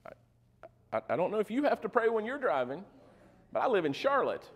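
High-voiced man preaching a sermon. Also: sing-song, a little fast. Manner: conversational preaching, asks the congregation for replies; joking asides. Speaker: pastor.

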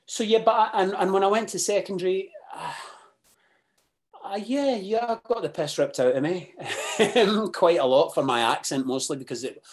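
Scottish guy chatting on a podcast, lots of ums and restarts, gets sweary and worked up. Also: high-pitched. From Scotland. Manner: halting, full of fillers and restarts, bursts of animated swearing. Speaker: podcast guest. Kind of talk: casual interview chat.

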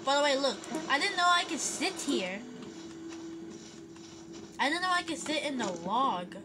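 A woman with a high, bouncy voice narrating her own gameplay, gasping and squealing as new things appear on screen. Her pitch leaps all over the place, and a clear hiss of noise runs under the recording. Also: unhurried. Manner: excitable, gasping, squealing reactions. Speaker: gameplay vlogger. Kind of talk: live game commentary.

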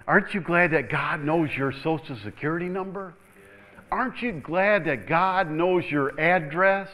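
A man's voice: fairly high pitch, low-quality recording. A male pastor preaching a sermon in a church, calling out "Amen?" to the room, chuckling and repeating words as he builds up. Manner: animated preaching with repeated call-outs for "Amen?".

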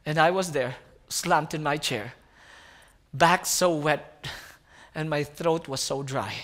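A young man, preaching as a guest speaker and telling a personal story in an animated way, often calling his listeners friends. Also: a little high, takes it slowly. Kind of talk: sermon storytelling.

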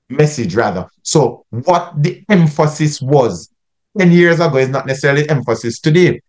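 A Jamaican man, a pastor, giving a teaching talk to youth workers and driving his points home with rhetorical questions. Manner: rhetorical questions, climbs in pitch when stressing points.

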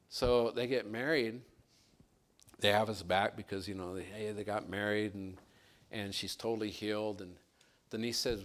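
A male pastor preaching a sermon, telling a story with lively, animated delivery that climbs higher and louder as it builds. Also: moderate pace. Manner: animated storyteller, rising and louder when excited.

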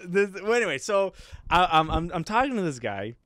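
A young man tells a story on a comedy podcast, rambling and restarting and breaking into laughter. His voice sits a little high for a man. The sound is dry and close. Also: very animated, brisk, a bit bright, no echo. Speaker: podcast co-host.

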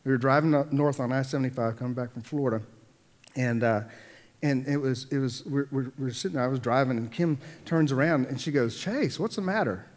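A middle-aged man preaching a sermon as pastor, animated, often repeating words as he builds a point. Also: mid-range voice, a little fast. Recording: long hall reverb.

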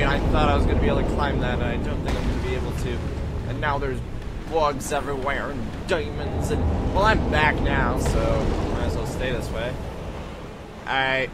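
A young man giving casual, excitable commentary while playing a video game, yelping at enemies and joking to himself. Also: medium pitch, fairly quick. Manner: excitable, yelps and jokes at enemies. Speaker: let's play gamer. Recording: loud background noise.

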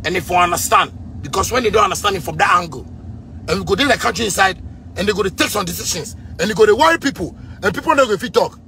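A man in his thirties from Ghana with a Ghanaian Pidgin English accent, delivering an angry, repetitive rant with frequent shouting. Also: high voice, lively intonation, fast talker, gravelly, a little hiss or hum. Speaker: musician ranting on video.

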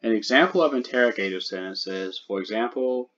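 Low-voiced man teaching a slow grammar lesson. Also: a bit bright, highs cut off. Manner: slow, deliberate, repeats key points.

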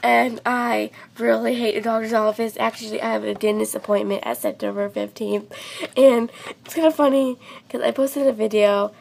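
A woman's voice: fairly high pitch, fairly even intonation, moderate pace, creaky, a little mellow, slight background noise. A young female channel host chatting casually to her viewers. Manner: chatty, giggly. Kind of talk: casual vlog outro.

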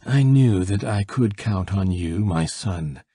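A man's voice: low voice, expressive, takes it slowly, warm tone, husky, no echo, studio quality, heavily acted. A man doing a dying old nobleman. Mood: insistent. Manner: weak, insistent and secretive. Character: dying old male nobleman, feeble yet commanding.

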